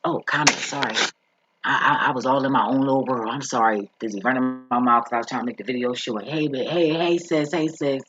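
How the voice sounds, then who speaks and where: A man's voice: mid-range voice, fast. A man telling a story in a casual vlog, blunt and profane, rambling with lots of asides. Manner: rambling, profane and blunt, with frequent "you feel me". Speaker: vlogger. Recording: dull lo-fi recording.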